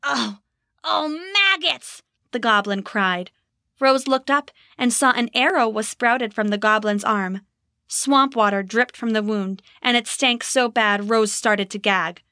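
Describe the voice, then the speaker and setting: A woman narrating a storybook in an expressive, measured way. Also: mid-range voice, no echo, studio quality. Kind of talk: storybook reading.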